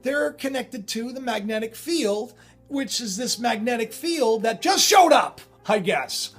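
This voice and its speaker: A man hosting his own channel, talking in a rambling, excitable way full of digressions and self-interruptions. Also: very high-pitched, measured pace, faint music behind. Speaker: channel host. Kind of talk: rambling spiritual commentary.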